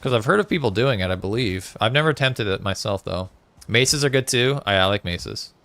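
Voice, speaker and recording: A man's voice: lowish voice, lively intonation, fairly quick, fairly bright tone, dry recording. Chatty male game streamer. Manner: chatty, reads out chat, frequent fillers. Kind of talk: casual live-stream chat while gaming. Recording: faint music behind.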